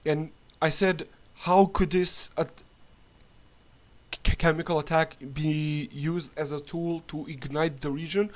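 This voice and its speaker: A man's voice: fairly high pitch, steady tone. A man vlogging an angry political rant, swearing often and stumbling through restarts. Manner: angry, profane, halting with restarts.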